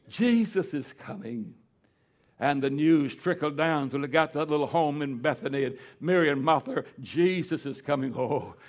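An older man preaching a fervent sermon as a pastor, swinging from quiet, slow lines to sudden loud, high-pitched cries.

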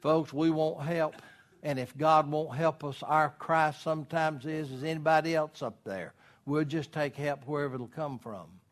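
A man preaching a sermon as pastor, animated and storytelling, acting out voices in his illustrations. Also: fairly high pitch, normal speed.

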